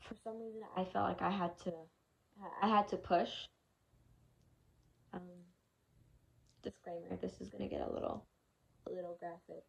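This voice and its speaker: A woman's voice: fairly low pitch, steady tone, moderate pace, gravelly, long pauses, slight background noise, poor audio. A young woman telling a personal story in a casual vlog, frank and frustrated, swearing freely as she recounts it. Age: young adult. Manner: candid, emotional retelling with frequent swearing; frustrated, exasperated tone. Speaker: vlogger.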